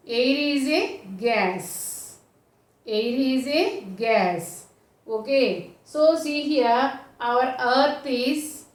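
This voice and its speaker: A high-voiced woman with an Indian English accent teaches science to small children, slowly and patiently. She asks a question, answers it herself and repeats the key point. Her voice comes from some way off in an echoey room. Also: far from the mic.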